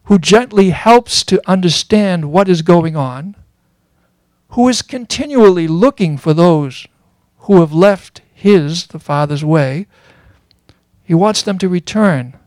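A man giving a sermon as a Bible teacher, earnest and explanatory, pausing often with fillers. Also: high-pitched, expressive, a little mellow, no room sound.

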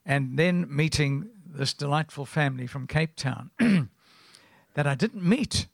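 Gravelly older South African preacher. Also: male voice, a little high, a little slow, dry recording. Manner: rambling, anecdotal, often clears throat. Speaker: guest preacher. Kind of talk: sermon.

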